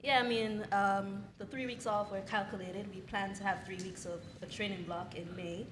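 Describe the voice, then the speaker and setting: A woman's voice: medium pitch, fairly even intonation, normal speed, noisy background. A woman, a hurdler, answering at a press conference in a composed, focused way.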